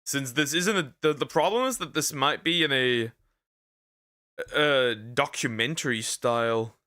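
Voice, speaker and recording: A man's voice: medium pitch, a little slow, sharp tone, dry recording. A man streaming as a VTuber, rambling and stammering through jokey reaction commentary. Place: lives in Germany.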